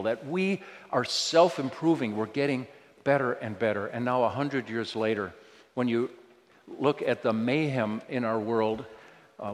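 A man's voice: medium pitch, big-room sound. A male pastor preaching a sermon, earnest and full of rhetorical questions.

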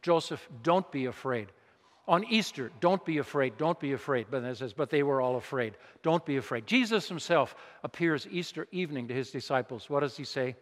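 A man's voice: mid-range voice, fairly quick. A man preaching a sermon in a conversational, emphatic way, asking his congregation rhetorical questions. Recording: long reverb of a large hall.

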